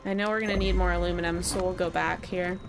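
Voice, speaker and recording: A woman's voice: fairly low pitch, steady tone, fast talker, noisy background. A young woman streaming a video game live, chatting casually, reading out viewer comments and laughing often. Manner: reads chat aloud, laughs often, chatty and candid. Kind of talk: casual live-stream chat while gaming. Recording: game music behind voice. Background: game music.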